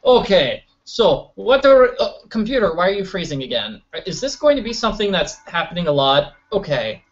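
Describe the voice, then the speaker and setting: A man's voice: high voice, normal speed, dull audio. A man giving casual, joking commentary while playing a mystery video game. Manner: joking, animated, silly voices. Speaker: let's play host.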